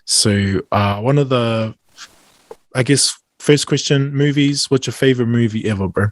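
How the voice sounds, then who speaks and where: A man's voice: medium pitch, normal speed, no echo. A man with a New Zealand accent hosting a podcast, laid-back and teasing in casual chat. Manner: laid-back, teasing, calls guest bro. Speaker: podcast host.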